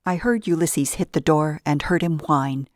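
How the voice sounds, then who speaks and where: A woman narrating a first-person audiobook in a steady storytelling manner. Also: low-pitched, moderate pace, no room sound, clean studio sound.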